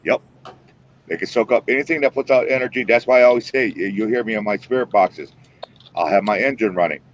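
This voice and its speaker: Deep-voiced folksy man, lo-fi stream audio. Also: fast, slight background noise. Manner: folksy, emphatic, drawling. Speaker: paranormal show host. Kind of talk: casual live-stream chat.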